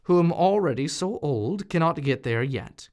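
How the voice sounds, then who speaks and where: A man's voice: on the high side, expressive, normal speed, darkish tone. Guy doing a sweet old herdsman, mild and wistful, fairy tale voice. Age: older. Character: gentle old white-haired cattle driver.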